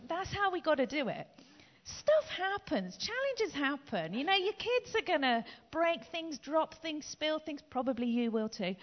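Woman pastor, lively storytelling sermon, dull recording with a long hall echo. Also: sits high. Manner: lively, chatty storytelling with laughs. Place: church hall.

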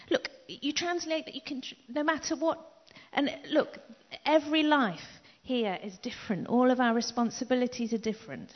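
A middle-aged woman preaching a sermon in an emphatic way, repeating key phrases and dropping into soft asides. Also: high-pitched, normal speed, hardly any pauses. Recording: dull echoey hall recording.

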